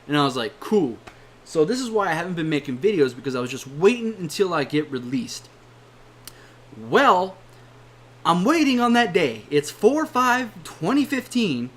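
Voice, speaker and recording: Young man ranting, heated and profane. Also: fairly high pitch. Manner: profane, heated and blunt, swearing often. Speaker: YouTuber. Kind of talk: angry rant to camera.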